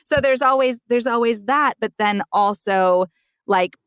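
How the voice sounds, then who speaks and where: A woman's voice: on the high side, a little slow, fairly bright tone, clean tone, no echo, clean studio sound. A woman from Alabama with no regional accent, co-hosting a roundtable conversation. She speaks in a musing way and often restarts her phrases. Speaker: podcast co-host.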